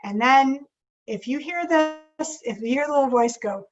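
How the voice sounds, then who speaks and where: Lively woman coaching a group. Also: sits high, unhurried, lo-fi sound. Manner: animated, acts out inner voices. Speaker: leadership coach. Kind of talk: live group workshop talk.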